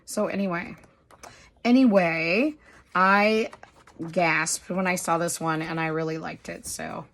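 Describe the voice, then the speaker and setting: A woman with a hoarse, slightly low-pitched voice talks through a craft haul in easy, rambling vlog chat. She is apologetic and self-deprecating, talking as if to friends watching. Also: steady tone, takes it slowly, a bit bright. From United States. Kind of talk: casual chatty show-and-tell.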